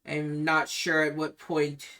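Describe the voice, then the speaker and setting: A woman's voice: deep voice, completely flat delivery, a bit bright, heavily acted. A woman playing a weary, grieving brother. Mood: somber. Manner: somber, measured and apologetic. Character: weary, grieving young man, protective older brother.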